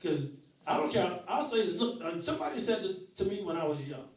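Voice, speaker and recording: A man in his forties doing stand-up crowd work, loud and laughing as he riffs with the audience. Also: high-pitched, very animated, brisk. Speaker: stand-up comedian. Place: small comedy club. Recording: echoey club from far off, loud laughing crowd.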